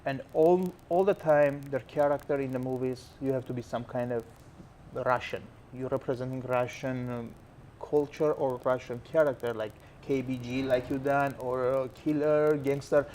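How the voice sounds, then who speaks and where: A man's voice: mid-range voice, steady tone, normal speed, darkish tone, slight background noise. A male talk show host asking questions in broken, non-native English. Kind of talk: interview questions.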